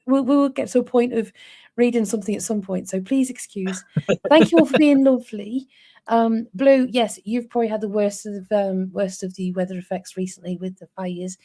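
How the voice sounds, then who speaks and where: This livestream co-host is a woman in her forties from North East England who laughs a lot as she chats casually with viewers. She speaks briskly in a mid-range voice with a dark tone.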